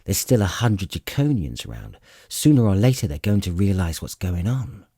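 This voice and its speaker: A man voicing a grim young male half-elf leader with a husky, commanding voice. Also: sits low, sing-song, normal speed, warm tone, no echo, studio quality, exaggerated voice.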